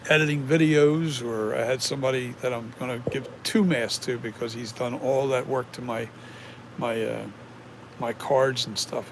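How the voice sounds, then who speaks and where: A mask maker with a mid-range voice streams live, chatting casually and rambling as he reads and answers viewer comments. There's background noise.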